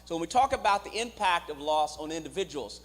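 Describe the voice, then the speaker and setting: High-voiced man teaching in a reverberant hall. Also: expressive, brisk, fairly bright tone. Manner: engages the audience directly, acts out quoted voices. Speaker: clinician giving a teaching at church. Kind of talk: church teaching with call-and-response. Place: church sanctuary. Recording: reverberant church hall on a live stream.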